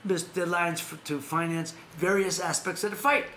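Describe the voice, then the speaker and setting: A man's voice: high voice, steady tone, normal speed, sharp tone. An American man hosting a casual boxing news chat, rambling along, repeating names and restarting his phrases. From United States. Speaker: host. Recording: echoey room with faint ambient noise.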